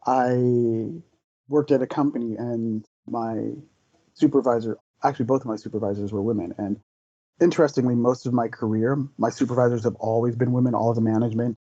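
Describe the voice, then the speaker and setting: A man's voice: medium pitch, fairly even intonation, a little fast, mellow, dry recording, lo-fi sound. A man who is the guest in an interview, telling personal stories in an earnest, thoughtful way. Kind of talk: reflective interview talk.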